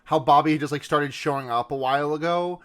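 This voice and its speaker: Podcast co-host, man, a bit high-pitched, loose and rambling, swears casually. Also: steady tone, fairly quick, a bit bright. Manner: rambling, lots of fillers and restarts, swears casually. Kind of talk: casual chat.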